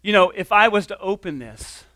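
A man's voice: high voice, expressive, moderate pace, pushed and bright, no echo. A man giving a conversational sermon as a pastor, telling a personal story with frequent restarts and quoted dialogue.

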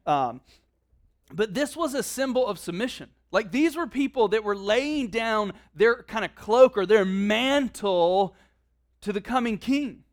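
A man preaching a casual sermon, reading scripture aloud and slipping into quiet conversational asides. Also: sits high, expressive, unhurried. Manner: conversational, drops to quiet asides, many "like" fillers.

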